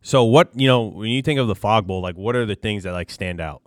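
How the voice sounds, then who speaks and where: A man hosting a casual podcast, asking long, rambling questions packed with fillers. His voice sits a bit low. The recording is dry and close, with no room sound. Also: a little fast, no room sound. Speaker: podcast host. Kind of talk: casual interview.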